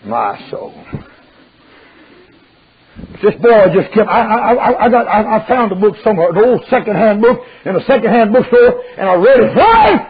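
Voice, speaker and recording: An older man preaching a fiery sermon, drawling through stories and breaking into shouts. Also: sits high, big pitch swings, brisk, hardly any pauses, slightly rough. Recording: dull lo-fi recording.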